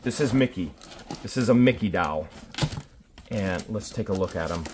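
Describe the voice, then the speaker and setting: A man hosting a treasure hunting vlog, talking excitedly in wonder as he digs through what he found. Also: fairly low pitch, moderate pace, a little hiss or hum. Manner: excitable, keeps exclaiming in wonder. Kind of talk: casual unboxing commentary.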